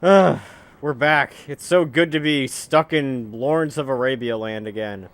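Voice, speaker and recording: A man giving casual, jokey commentary over a video game he is playing, talking freely and breaking into loud excited outbursts. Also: mid-range voice, unhurried. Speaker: let's play commentator.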